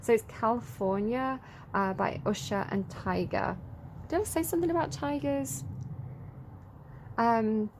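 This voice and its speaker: A woman's voice: on the high side, a little slow, pauses often, noisy background. Chatty English woman reading tarot. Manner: chatty, giggly, reads card text then riffs freely. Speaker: tarot reader. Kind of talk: casual collective tarot reading.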